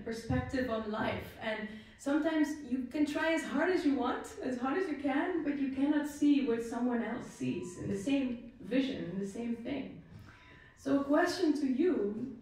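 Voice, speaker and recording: A woman with a somewhat high voice leads a relaxed group talk, chatting and asking her listeners questions between bursts of laughter. She sounds a little far from the mic in a very echoey room. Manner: chatty, laughs often, asks the audience questions. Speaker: spiritual talk leader. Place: lounge room with a small audience.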